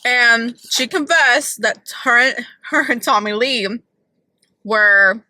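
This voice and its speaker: A woman's voice: fairly high pitch, slow pace, sharp tone, no echo, poor audio. A woman vlogging from her car, chatting casually and opinionatedly about celebrity gossip with lots of "like".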